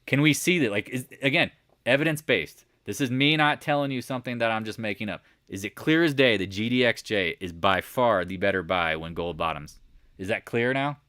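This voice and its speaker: Man, low voice, dry close sound, live chart commentary, animated, quizzing viewers. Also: brisk, no echo. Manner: animated, talks to chat viewers, rhetorical questions. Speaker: market commentary host.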